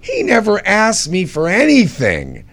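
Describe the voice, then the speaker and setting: In a casual chat, a man with a high-pitched voice tells wry backstage stories from events he organized. He's an animated, wry storyteller who takes his time with each anecdote.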